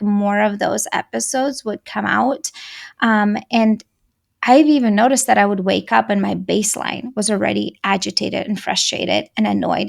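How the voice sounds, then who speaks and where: A woman's voice: medium pitch, creaky. A woman in her thirties whose first language is Russian, earnestly telling her story as a guest in a casual interview.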